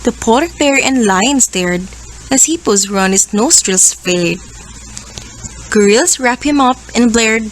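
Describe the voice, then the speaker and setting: A woman with a Filipino accent, a teacher reading a children's story aloud with expressive animal voices. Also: fairly high pitch, measured pace, rough recording. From Philippines.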